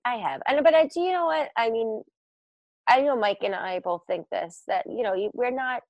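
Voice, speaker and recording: A middle-aged woman co-hosting a podcast, telling stories in a relaxed, casual chat. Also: fairly high pitch, moderate pace, no echo, highs cut off. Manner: animated storyteller, breaks into laughter. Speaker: podcast co-host.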